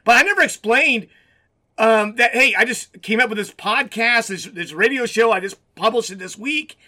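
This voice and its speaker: A man's voice: very high-pitched, normal speed, sharp tone. A middle-aged man, a pastor and radio show host, telling a story in casual chat with lots of restarts.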